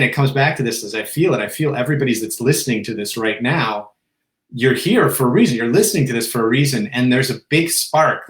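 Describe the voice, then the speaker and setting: A man's voice: medium pitch, a bit bright, reverberant, rough recording. A man co-hosting a live Q&A, talking in a casual, enthusiastic way and repeating words. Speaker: co-host, teacher. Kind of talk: live Q&A chat.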